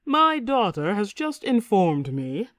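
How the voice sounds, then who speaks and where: A woman voicing a boisterous, tipsy middle-aged king in an audiobook, loud and blustering. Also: medium pitch, sing-song, takes it slowly, dry recording, clean studio sound, pitched above the performer's own voice. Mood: speechmaking. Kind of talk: audiobook character reading.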